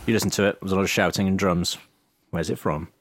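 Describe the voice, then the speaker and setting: A man's voice: deep voice, steady tone, quick pace, no echo. A man hosting a music podcast in casual, dry banter with his co-host.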